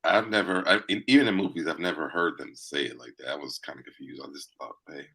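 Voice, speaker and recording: A man with a low voice and a bright, forceful tone co-hosts a casual reality show recap. He chats in a laid-back way and is quick to laugh along. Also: slightly rough. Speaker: recap co-host.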